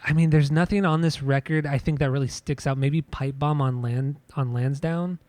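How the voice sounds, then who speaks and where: A man co-hosting a podcast, his voice sitting a little high. He talks in a loose, halting way, circling back with fillers and restarts. The sound is dry and close. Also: steady tone, a little mellow, no room sound. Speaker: podcast co-host. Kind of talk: casual music review chat.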